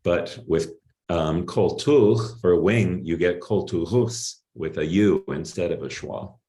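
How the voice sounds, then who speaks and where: A middle-aged man giving an academic linguistics talk in a measured, explanatory way, with some pauses and fillers. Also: low voice, warm tone. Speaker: linguistics lecturer.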